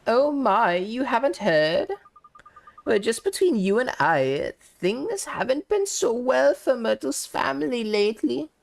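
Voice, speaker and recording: A woman's voice: fairly high pitch, sing-song, unhurried, creaky, voice pushed up, exaggerated voice. A woman voicing a gossipy, kindly old female neighbor who gets sentimental and fussy. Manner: fussing, sentimental, quavering.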